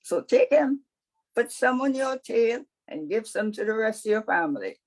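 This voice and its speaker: A woman's voice: fairly high pitch, animated, normal speed, low-quality recording. Woman playing a folksy, firm Lord. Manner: folksy, matter-of-fact. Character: easygoing, firm male Lord figure.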